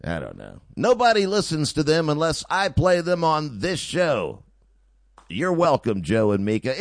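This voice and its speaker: A man's voice: a little high, unhurried, dry recording. A male radio talk show host delivering an opinionated, sarcastic monologue on a studio mic. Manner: sarcastic, mocking, animated.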